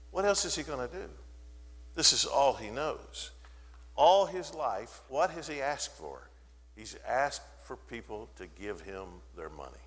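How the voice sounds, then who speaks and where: Guy preaching in a church, bright ringing voice, long echo off the hall. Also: medium pitch. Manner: animated storytelling, briefly acts out the voices in the story. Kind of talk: sermon. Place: church sanctuary.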